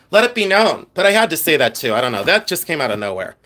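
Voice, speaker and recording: Pennsylvania dutch guy on a livestream, kinda high voice, rambling and reading comments out loud. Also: sing-song, fast talker, a little hiss or hum. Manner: chatty, reads viewer comments aloud, rambling asides. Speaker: livestream host. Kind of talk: casual livestream chat.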